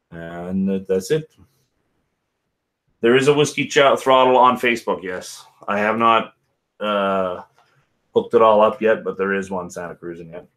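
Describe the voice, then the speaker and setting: A man's voice: on the low side, a little slow, a bit bright. Rambling man hosting a whisky livestream. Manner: rambling, chatty, addresses chat viewers by name. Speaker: livestream host. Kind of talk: casual live-stream chat with viewers.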